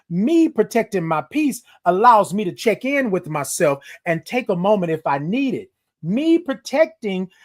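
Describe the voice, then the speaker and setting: Lively high-voiced man hosting a livestream. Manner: greets commenters by name, drawn-out greetings, playful sing-song asides. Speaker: livestream host. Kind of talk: motivational livestream chat.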